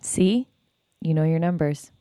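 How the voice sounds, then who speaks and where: A woman's voice: sits low, unhurried, dark tone, clear, resonant tone, no echo. Blunt, teasing woman in a dry room. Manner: blunt, teasing, swears casually. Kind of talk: casual chat.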